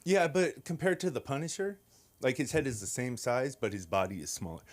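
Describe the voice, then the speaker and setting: Hesitant man starting a stand-up set. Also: medium pitch. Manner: hesitant, halting delivery with fillers. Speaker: stand-up comic. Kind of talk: open-mic stand-up set. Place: comedy club stage.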